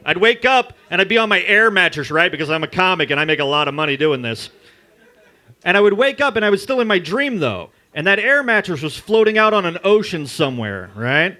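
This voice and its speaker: A man doing a crude, loud stand-up comedy set at an open mic in a bar. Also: high voice, very animated, fairly quick. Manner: crude, loud, jokey storytelling. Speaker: stand-up comic.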